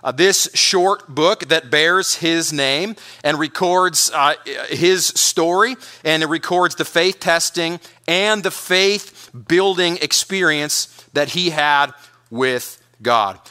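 A man's voice: fairly high pitch, takes it slowly, sharp tone. A man preaching a sermon as pastor, earnest, often repeating words and restarting.

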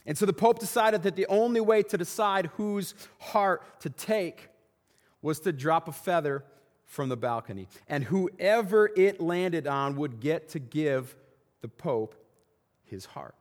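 Man, fairly high voice, pastor preaching, repeats himself, hall reverb. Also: expressive, unhurried. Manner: repeats words, asks rhetorical questions. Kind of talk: sermon. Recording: long reverb of a large hall.

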